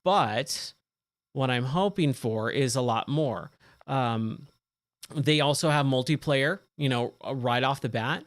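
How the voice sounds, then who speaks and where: A man in his forties talks his way through a racing game on a live stream, rambling and restarting his sentences between thoughts. His voice sits at an ordinary middle pitch and sounds a little worn, recorded dry and close on a desk mic. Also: takes it slowly, dry recording. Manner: rambling, chatty, with many fillers and restarts. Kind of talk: casual live-stream commentary.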